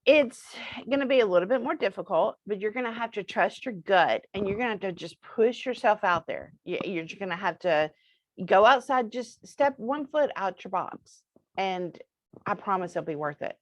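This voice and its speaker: Guest, woman, bubbly and encouraging, very expressive pitch, dry close sound. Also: moderate pace, no echo, dull audio. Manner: bubbly, animated, encouraging, laughs often. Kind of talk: casual interview chat.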